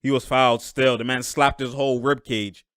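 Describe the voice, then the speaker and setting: A young man giving loud, slangy live reaction commentary on a basketball game, laughing often and breaking into sudden outbursts. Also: medium pitch, little pitch movement, moderate pace, dry recording, studio quality.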